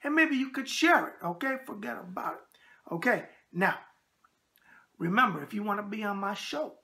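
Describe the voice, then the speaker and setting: A man's voice: high-pitched, animated, moderate pace, creaky, bright, forceful tone. A man with a New York accent hosting a casual boxing video show, chatty and emphatic, full of tough-guy catchphrases. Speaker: host.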